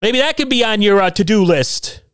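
A man's voice: sits high, lively intonation, normal speed, smooth, no room sound, clean studio sound. A middle-aged man hosting a solo podcast from his basement, talking in a sarcastic, combative and self-deprecating way. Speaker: podcast host. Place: home basement.

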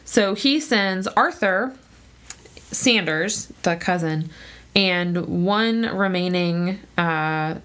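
A woman's voice: on the low side, drawn-out words, smooth. Chatty woman telling a story. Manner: chatty, laughs often, lively quoting voices. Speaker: podcast co-host telling a true story. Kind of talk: casual storytelling chat.

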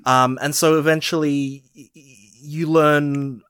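A man's voice: fairly high pitch, flat delivery, a little slow, a bit bright, smooth, dry recording, clean studio sound. A man co-hosting a casual film podcast, explaining a plot steadily with fillers. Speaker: podcast co-host. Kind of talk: casual movie discussion.

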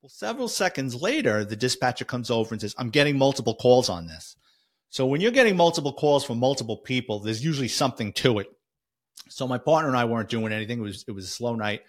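Casting: New York man, ex-cop storyteller, mid-pitched, halting and vivid. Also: expressive. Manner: vivid, conversational, halting with restarts. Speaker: retired police officer telling a story. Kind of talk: first-person storytelling.

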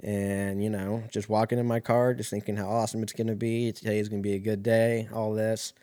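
A man's voice: on the low side, flat delivery, fairly quick, warm tone, no room sound. A young man telling a rambling, profane story in a casual way, often laughing.

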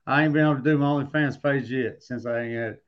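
A man's voice: medium pitch, steady tone, fast talker. A man in casual podcast banter, joking and cussing. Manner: profane, joking. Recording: dull lo-fi mic.

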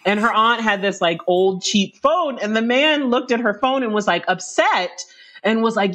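A woman's voice: a little high, animated, normal speed, fairly bright tone. A woman guest in a podcast interview, telling funny stories casually, laughing often and restarting her sentences.

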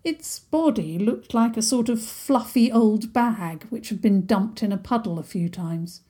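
A woman narrating a children's story in a gentle, unhurried way. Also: medium pitch, slightly rough.

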